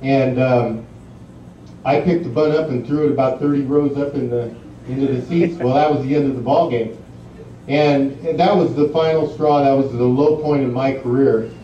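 A medium-pitched man's voice with fairly even intonation and a moderate pace: a middle-aged guest speaker at an induction ceremony, rambling through anecdotes with plenty of fillers and laughing at his own stories. The large banquet hall recording is distant, muffled and echoey, with slight background noise.

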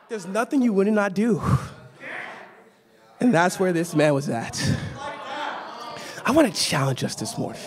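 High-voiced young preacher from Los Angeles. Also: male voice, big pitch swings, measured pace, long pauses. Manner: storytelling, swings from quiet asides to shouted exhortation. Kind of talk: sermon. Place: church sanctuary.

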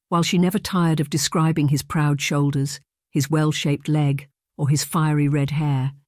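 A man narrating a historical romance audiobook in an even, measured storytelling manner. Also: fairly high pitch, no echo, studio quality. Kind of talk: scripted narration.

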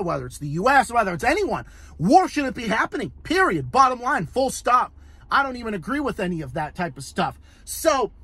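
A man's voice: sits high, sharp tone, no echo. A man hosting his own political commentary show, ranting in a heated, profane way and repeating himself as he talks. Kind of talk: angry solo political rant.

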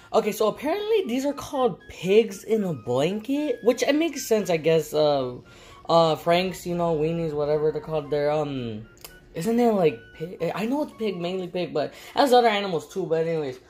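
A woman's voice: deep voice, a little mellow. A woman chatting casually to camera in a home kitchen, rambling and giggling, with lots of fillers. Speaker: vlogger.

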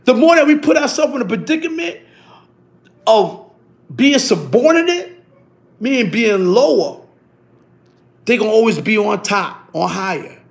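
A middle-aged man, telling stories in a casual, animated way, full of street slang and repeating himself. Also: sits high, a little slow, vocal fry, long pauses. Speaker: interviewee. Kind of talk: casual storytelling.

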